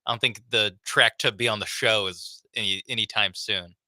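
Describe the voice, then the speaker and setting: A man's voice: on the low side, steady tone, moderate pace, pushed and bright, no echo. A man co-hosting a sports radio show, laid-back and chiming in with quips. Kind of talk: casual sports radio banter. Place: radio studio. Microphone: studio microphone.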